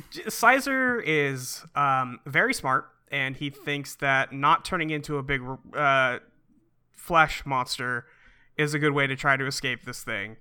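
A man co-hosting a podcast, recapping a comic in casual chat with a wry, deadpan manner and casual swearing. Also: mid-range voice, slow, smooth. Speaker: podcast co-host.

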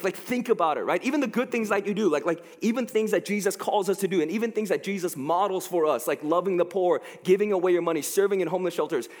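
A man preaching a casual, joking sermon into a headset mic, talking in an animated way with lots of fillers. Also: on the high side, big-room sound.

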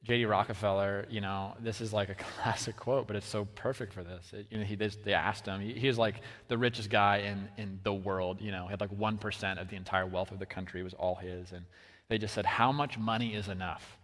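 A man preaching a sermon in a casual, chatty way with many fillers, his voice swinging between soft stretches and lively bursts. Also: on the low side, a little fast. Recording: long reverb of a large hall.

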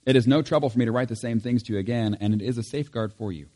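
A man serving as pastor, leading a church service with prayer and scripture reading, reading in a measured way and lifting his voice on key lines. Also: mid-range voice, mellow, in a large hall. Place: church sanctuary.

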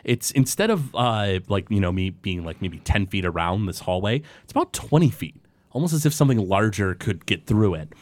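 A man's voice: on the low side, lively intonation, moderate pace. A man narrating as game master, describing scenes in a rambling way with many fillers and restarts.

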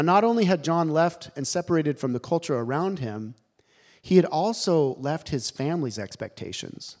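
A man preaching a sermon, animated and emphatic, telling the story with dramatic pauses. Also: on the high side.

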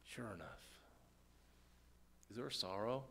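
A man preaching a sermon as pastor, questioning the congregation and swinging between quiet, slow prayer and loud, emphatic points. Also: fairly low pitch, animated, a little hiss or hum. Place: church.

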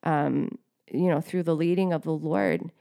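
Low raspy-voiced woman, heartfelt faith talk, lots of you knows. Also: fairly even intonation, a little slow, warm tone. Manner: heartfelt, emotional, many fillers. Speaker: co-host. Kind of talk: podcast faith chat, sharing testimony.

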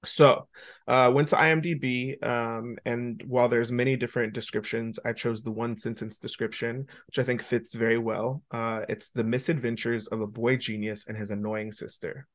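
A man with a medium-pitched voice speaks at a moderate pace with little pitch movement. As a podcast co-host, he chats casually and rambles along with plenty of ums and uhs.

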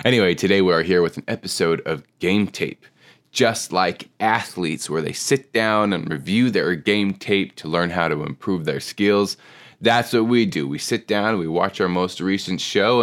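A man hosting a casual improv podcast, his voice pitched very low and roughened into a gravel by illness. He keeps an upbeat, playful tone despite the hoarseness. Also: a bit bright. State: sick, hoarse.

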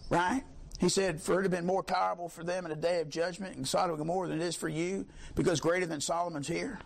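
Preacher guy, fiery sermon, high gravelly voice, slight hiss behind. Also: steady tone, fast. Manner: fiery, swings from low talk to high shouts.

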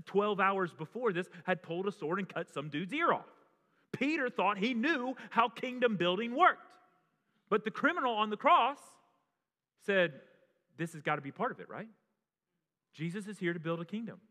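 A man's voice: high voice, lively intonation, moderate pace, sharp tone. A pastor preaching an impassioned sermon, often restarting his phrases. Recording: long reverb of a large hall.

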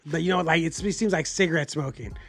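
A man hosting a podcast, telling animated, profane stories in casual chat and acting out what people said. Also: on the high side, quick pace, soft background music. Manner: profane, animated storyteller, acts out quotes. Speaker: podcast host.

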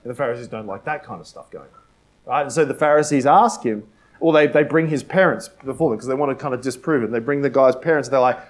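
A pastor delivers a conversational sermon, sprinkling in "right?" and "like" asides and repeating key phrases for emphasis. He talks fast at a medium pitch and sometimes drops to a hush.

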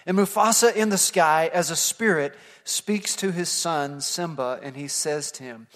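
A man's voice: on the high side, unhurried, hardly any pauses. Earnest male pastor, echoing sanctuary. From United States. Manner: storytelling, earnest, builds to emphatic points then drops soft. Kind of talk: sermon. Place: church sanctuary.

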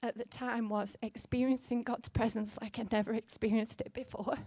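A woman in her thirties delivers a sermon, earnest and gently conversational. Her voice sits a little high and is caught close with no room sound. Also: fairly even intonation, moderate pace, dry recording. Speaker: preacher.

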